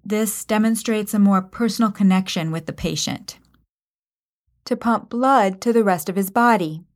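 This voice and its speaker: A woman with a Minnesota accent teaches vocabulary. She explains each term in a clear, careful, patient manner. Her voice sits at a middle pitch. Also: moderate pace, darkish tone. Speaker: language teacher.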